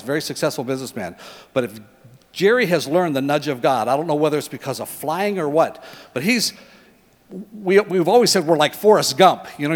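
A middle-aged man preaching a sermon in a lively, conversational way, asking his listeners questions. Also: a little high, long reverb tail. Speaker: pastor.

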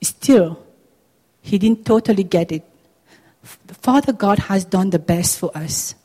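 A woman preaching a sermon, getting animated and loud with emphatic exclamations and acting out the people in her stories. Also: medium pitch, unhurried, breathy edge. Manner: acts out quoted voices in her preaching. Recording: long hall reverb.

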